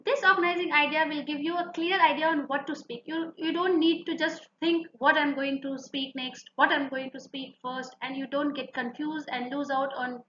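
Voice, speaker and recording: Woman, Indian English accent, high bright voice, earnest tutor, echoey slightly dull recording. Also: fairly even intonation, normal speed, few pauses, a little hiss or hum. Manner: earnest, repeats advice for emphasis. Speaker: IELTS speaking tutor. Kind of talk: instructional video lesson.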